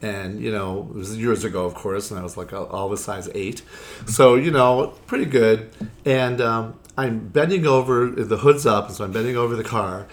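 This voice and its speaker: A man who does drag tells interview stories at a moderate pace in a fairly low voice. He's talkative and dramatic, often saying "you know" and performing the dialogue of the characters he describes.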